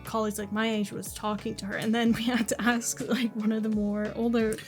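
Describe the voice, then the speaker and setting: A woman's voice: on the high side, level tone, brisk, soft background music. Chatty young woman telling an anecdote. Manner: chatty anecdote with quoted apologies and asides. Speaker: podcast co-host. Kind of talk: casual chat, storytelling.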